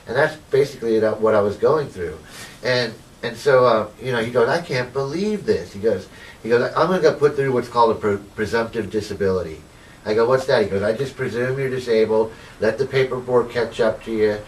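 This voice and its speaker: Guy rambling thru his story, lots of "you know", low-ish voice, mic set back with faint room noise. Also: distant mic, low-quality recording. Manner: rambling, filled with "you know", acts out quoted dialogue. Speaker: interviewee, activist. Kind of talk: casual storytelling in a documentary interview.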